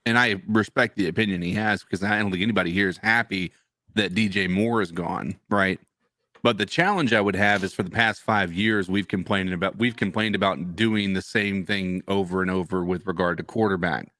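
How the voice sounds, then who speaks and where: A man co-hosting a sports podcast, laying out his argument in a measured, reasoned way. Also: low-pitched, pushed and bright, dry recording, clean studio sound. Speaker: podcast co-host. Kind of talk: casual sports chat.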